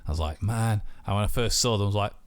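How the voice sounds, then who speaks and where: Laid-back podcast bloke, low voice, swears a lot, dry close mic. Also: male voice, very fast, no echo. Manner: loose, swears freely, laughs at his own jokes. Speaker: podcast co-host. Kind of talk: casual chat.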